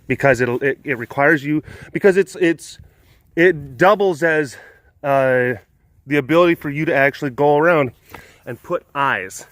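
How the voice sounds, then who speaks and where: A man's voice: a little high, normal speed, a bit bright, no echo. Chatty man vlogging outdoors. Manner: chatty, rambling, laughing. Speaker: big cat sanctuary keeper. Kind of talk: casual vlog. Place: outdoors in cold wind.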